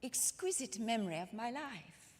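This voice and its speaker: A woman with a rather high voice and big pitch swings tells a life story in character and in the first person, at a moderate pace. Her delivery is dramatic and intimate, addressed directly to listeners at a live church hall show, with long reverb from the room.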